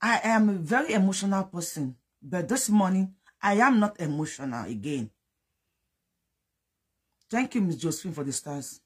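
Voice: medium pitch, animated, normal speed, breathy edge. A speaker from Nigeria with a Yoruba accent gives fervent, accusing political commentary, repeating phrases for emphasis and switching between English and Yoruba.

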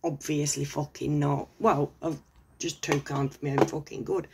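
Middle-aged English woman, low and husky, sweary sarcastic ranter. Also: level tone, moderate pace, mellow. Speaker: vlogger. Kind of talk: casual rant to camera.

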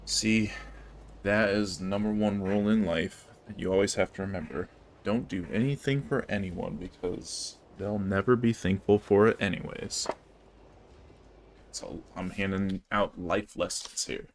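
A man's voice: low voice, a little slow, slight background noise. A man commenting casually as he plays a game, with a sarcastic, jokey and profane way of talking. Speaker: gamer playing through a game. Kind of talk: casual let's-play commentary.

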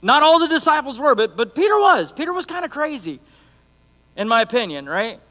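Animated high-voiced man preaching in a hall. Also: fairly quick. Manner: animated, conversational, acts out quotes. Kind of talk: sermon. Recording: long hall reverb.

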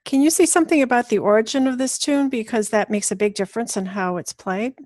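A woman's voice: a little high, fast, darkish tone, no room sound, studio quality. A woman student asking her teacher a question on a video call.

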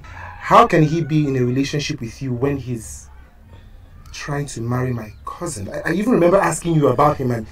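A man's voice: mid-range voice, brisk, fairly bright tone, close to an everyday voice. An actor with a Nigerian accent playing an earnest, confused young man in a Nollywood film. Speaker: friend.

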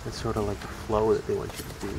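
A man's voice: on the low side, completely flat delivery, fast talker, creaky, noisy background. A man whose first language is Spanish, joking and swearing through a casual let's-play of a horror game. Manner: joking, profane, talks to the game characters. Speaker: gamer playing a horror game.

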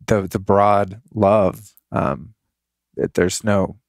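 A man's voice: fairly low pitch, extremely slow, creaky, no room sound, clean studio sound. A man hosting a podcast, asking questions and thinking aloud in a reflective, casual way. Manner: reflective, thinks aloud with many "you know"s. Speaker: podcast host.

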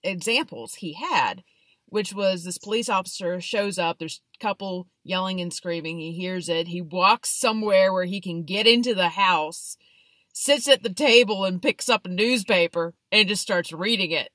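A woman's voice: on the low side, normal speed, fairly bright tone, no room sound. A woman hosting a casual conversation, laughing easily. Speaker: host. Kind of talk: casual chat.

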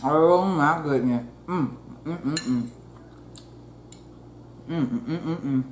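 A woman's voice: sits low, slow, pauses often. Brief: folksy woman mukbang host, chats and hums between bites, echoey room, faint background hum. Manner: chatty, folksy, addresses viewers as y'all; murmurs while chewing. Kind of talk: casual eating chat. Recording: roomy echo, faint ambience.

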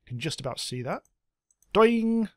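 A man giving casual let's-play commentary, excitable, swearing a lot and making silly sound effects. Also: on the high side, measured pace. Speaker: gameplay commentator.

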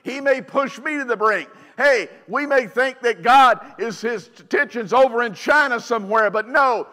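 A man preaching a sermon in a church, folksy and fiery, building up to shouts. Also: extremely high pitch, normal speed. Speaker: pastor. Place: church sanctuary. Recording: long church hall reverb.

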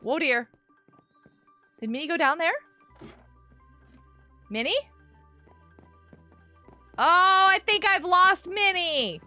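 A woman hosting a casual gaming live stream, chatting with viewers in a bubbly, animated way with gasps and laughs. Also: extremely high pitch, takes it slowly, pauses often, no echo, faint music behind. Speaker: livestream host.

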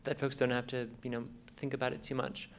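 A man on a conference panel replying to audience points, reflective and agreeable, at a middle pitch. His voice carries a faint hiss of background noise. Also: flat delivery, fairly quick.

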